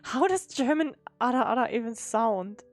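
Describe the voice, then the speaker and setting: A woman streamer chatting through a game, excitable and quick to laugh and shout. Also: fairly high pitch, soft background music. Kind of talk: casual live-stream commentary.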